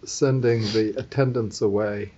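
A man with a husky voice, asking questions in a Torah study discussion. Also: lowish voice, steady tone, a little slow, mellow, slight background noise. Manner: questioning, asks for clarification. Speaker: study partner. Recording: dull lo-fi recording.

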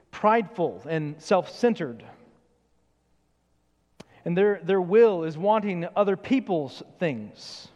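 A man's voice: high-pitched, a little mellow, big-room sound. A man, a pastor, preaching a sermon earnestly and questioning his listeners. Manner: earnest, questioning, acts out quoted voices.

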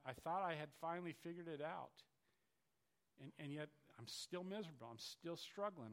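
A man's voice: high voice, fairly bright tone. A male pastor preaching a sermon in an earnest, confessional way, often restarting his sentences.

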